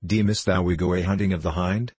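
A man's voice: deep voice, steady tone, fast, darkish tone, slightly rough, no echo. A man reading as a surly, mocking squire. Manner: scornful, archaic speech.

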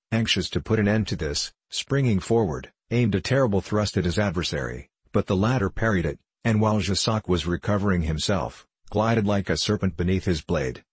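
Give me a man reading a classic novel, deep and husky. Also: no room sound. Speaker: narrator. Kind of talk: audiobook narration.

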